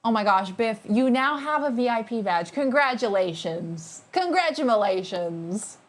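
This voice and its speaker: A woman's voice: fairly high pitch, moderate pace. A young woman streaming live, chatting casually and playfully with her viewers and thanking them by name.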